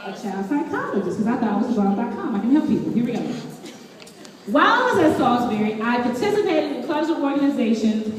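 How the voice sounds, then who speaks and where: Woman speaker, animated and playful with the crowd; long hall reverb. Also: on the high side. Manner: animated, playful, quizzes the audience. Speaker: speaker addressing an audience. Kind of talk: lively motivational talk. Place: event room with tables. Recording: echoey hall, mic from far off.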